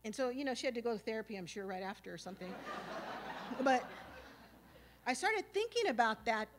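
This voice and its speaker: A woman, telling stories on stage at a live event. Her voice sits a little high. She talks in a casual, streetwise way, swearing freely and filling her talk with "you know" and "like". She slips into the voices of the people in her old arguments. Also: a little fast, slight background noise. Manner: animated, acting out past arguments. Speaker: speaker. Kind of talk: storytelling talk at a symposium.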